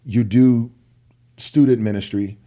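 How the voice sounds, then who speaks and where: A middle-aged man, a guest rapper, telling personal stories in an earnest podcast conversation and acting out the people he quotes. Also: a little slow. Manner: earnest, animated, acts out quoted people with big pitch jumps. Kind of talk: candid podcast storytelling.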